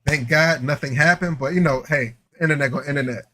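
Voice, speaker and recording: A man in his forties co-hosting a live podcast, telling stories in an animated, joking casual chat. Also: fairly high pitch, a little fast, a loud crowd. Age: 40s. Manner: animated, joking, laughing storyteller. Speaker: podcast co-host.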